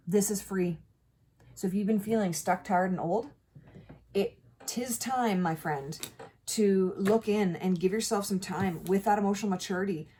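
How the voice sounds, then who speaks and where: A woman giving a casual tarot reading to camera, talking in an animated, emphatic way and swearing now and then. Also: medium pitch, slightly rough. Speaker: tarot reader.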